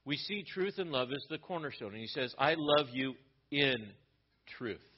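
A man's voice: medium pitch, lively intonation, moderate pace, highs cut off. A male pastor giving an explanatory sermon, teaching from a Bible letter with frequent restarts.

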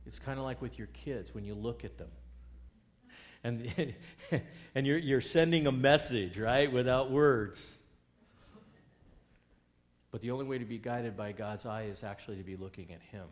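A man preaching a sermon, reading scripture aloud and putting rhetorical questions to his listeners, swinging between loud emphasis and quiet asides. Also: on the low side.

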